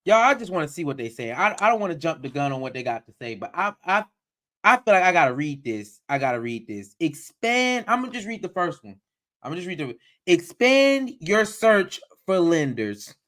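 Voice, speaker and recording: This male streamer fires off casual, exasperated reactions to a video, echoing phrases and mimicking quoted voices mockingly. He speaks quickly in a sing-song, higher voice that sounds bright and forceful.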